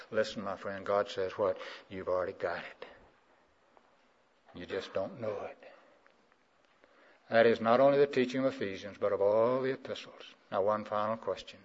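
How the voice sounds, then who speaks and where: A man from South Carolina preaching a sermon, urging the congregation to answer him and swinging from low, quiet asides to loud, high-pitched emphasis. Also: moderate pace. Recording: muffled old sermon recording.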